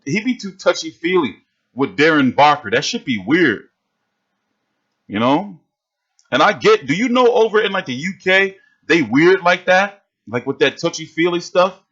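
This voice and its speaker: A man's voice: on the high side, normal speed, dull audio. A man hosting a livestream, ranting in a casual, profane, fired-up way. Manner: animated, swearing, fired-up. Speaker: livestream host reacting to boxing.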